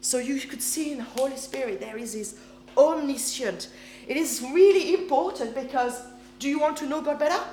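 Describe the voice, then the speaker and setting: Warm and high, her voice moves at a normal speed as she preaches in English, which isn't her first language. She stresses points forcefully and keeps checking in with the congregation in an echoey church hall with slight background noise.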